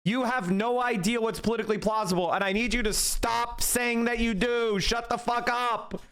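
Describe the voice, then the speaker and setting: A man's voice: extremely high pitch, fairly even intonation, normal speed, fairly bright tone, clean tone. A man giving a heated, profane political rant as a streamer, mocking and combative.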